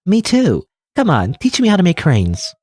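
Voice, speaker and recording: A man's voice: high-pitched, wildly swooping pitch, moderate pace, a little mellow, dry recording, voice pushed up, exaggerated voice. A man voicing a lonely, clingy teenage schoolgirl with a creepy edge in a visual novel, pleading and sweetly insistent. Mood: eager.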